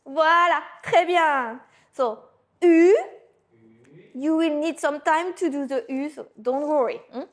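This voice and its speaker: Woman, high-pitched, very slow, patient pronunciation teacher. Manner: slow, patient, checks in with "hmm?". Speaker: French teacher. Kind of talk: pronunciation lesson.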